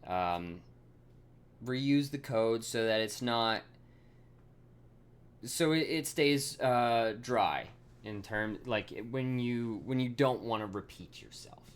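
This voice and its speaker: A man's voice: medium pitch, slow, clear, resonant tone. A man thinking aloud as he codes on a live stream, full of fillers and self-corrections, swearing casually and laughing at himself.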